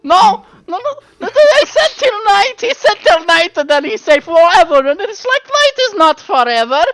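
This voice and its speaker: Casting: screeching goblin boss for a tabletop game, very high and loud, wild pitch swings. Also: male voice, big pitch swings, moderate pace, no room sound, heavily acted. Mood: frantic. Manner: screeching, frantic whining protests. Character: shrieking panicky male goblin war boss.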